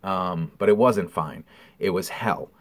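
A man's voice: deep voice, a little slow. A man giving a casual, candid recovery update, telling a story with lots of ums and blunt swearing. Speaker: vlogger.

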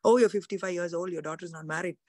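A woman's voice: on the low side, quick pace, a little mellow, no room sound, clean studio sound, lightly acted. A woman preacher voicing a sly male serpent who whispers taunting doubts.

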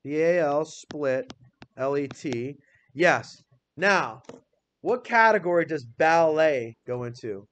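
A man's voice: on the high side, animated, takes it slowly, a bit bright. A male teacher leading a classroom phonics lesson, patiently spelling words out letter by letter and quizzing students by name.

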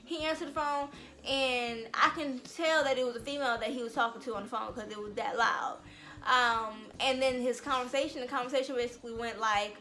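A young woman telling a storytime vlog, animated and blunt, swearing freely. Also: high voice, a little fast. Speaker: vlogger.

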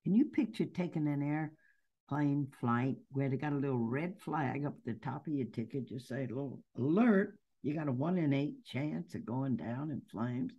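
A woman's voice: very deep voice, moderate pace, slightly rough, muffled recording. A nun and activist answering interview questions in an earnest, emphatic way, building her points through stories. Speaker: nun and anti-death-penalty activist, interview guest.

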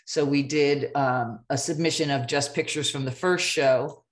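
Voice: medium pitch, steady tone, unhurried. A volunteer giving a project update on a video call in a friendly, slightly hesitant way. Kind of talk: casual meeting update.

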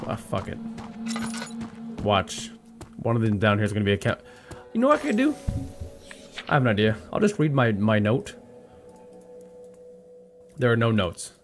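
Young guy yelling and joking through a horror game, voice all over the place, faint music behind. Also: on the low side. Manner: hyper, swearing, joking, talking to the game. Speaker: gaming video host. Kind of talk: let's play commentary.

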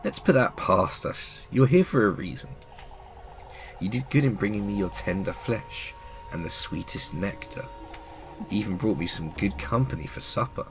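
A man voicing a sinister male demon who bargains for souls, reading game dialogue in a silky, mocking, slow and hushed voice. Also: lowish voice, over music, natural voice, low-quality recording. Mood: sly.

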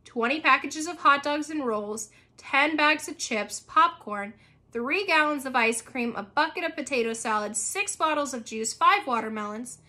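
Storybook read-aloud: woman voicing a calm, steady dad, still bright and fairly high. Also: normal speed. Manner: steady and soothing. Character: calm, reassuring father.

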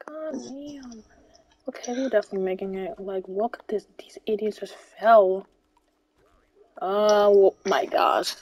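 A woman gamer giving live gameplay commentary, excitable and full of swearing and exclamations. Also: mid-range voice, unhurried, background noise. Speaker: gamer playing online with a partner.

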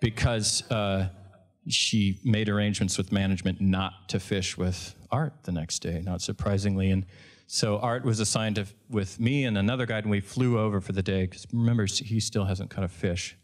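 A man's voice: lowish voice, steady tone, normal speed. A man, a fishing guide, telling a story at a live event in a conversational way, often restarting and correcting himself.

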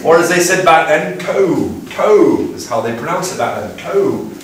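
A man giving a playful, lively lecture to an audience, asking them questions and putting on voices. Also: a little high, normal speed. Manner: animated, playful, puts on voices and asks the crowd questions. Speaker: speaker giving a talk. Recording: echoey room from far off with faint noise.

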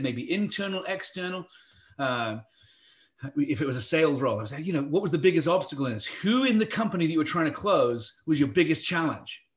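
A man presenting a virtual hiring workshop from his home office over a video call, chatty and energetic, with many fillers and restarts. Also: on the high side. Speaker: talent strategy speaker.

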